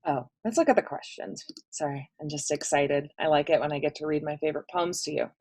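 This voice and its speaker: A woman's voice: low-pitched, steady tone, fairly quick, a little mellow. A woman teaching an English class in a recorded online lesson, chatty and self-deprecating, reading poetry aloud with relish. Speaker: high school English teacher.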